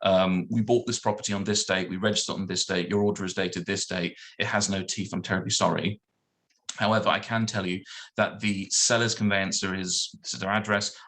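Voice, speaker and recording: A man, a solicitor, telling a lively anecdote on a video call and acting out the other people in it. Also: on the low side. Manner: animated storyteller acting out dialogue. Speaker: guest solicitor.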